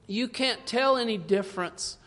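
High-voiced fervent preacher in a reverberant hall. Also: male voice, moderate pace. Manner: fervent, swings from loud emphasis to hushed asides; reads scripture in old-fashioned wording. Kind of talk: sermon. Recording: long reverb in a large hall.

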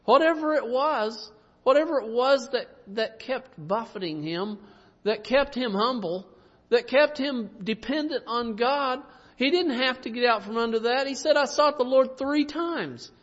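High-voiced preacher man in a reverberant hall. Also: a little slow. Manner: folksy preaching, rhetorical tag questions, soft chuckles. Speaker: pastor. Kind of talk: sermon. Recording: dull sound with long reverb.

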